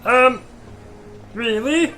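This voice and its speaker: Man doing Bertram, a timid high-voiced sidekick. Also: drawn-out words, bright, forceful tone, a little hiss or hum, full character voice. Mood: hesitant. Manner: starts nearly every line with a nervous "um" or "uh". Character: timid, hesitant male sidekick assistant.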